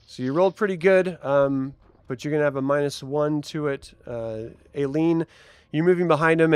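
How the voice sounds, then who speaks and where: A man's voice: mid-range voice, dry recording. A man narrating a tabletop game as game master, describing scenes and laughing easily.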